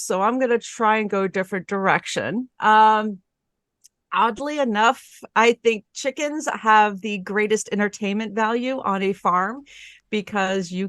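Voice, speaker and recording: A woman's voice: medium pitch, fairly bright tone, dry recording. A woman casually introducing herself on a podcast, rambling and laughing at herself. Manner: rambling, self-deprecating, laughing often. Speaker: podcast guest player.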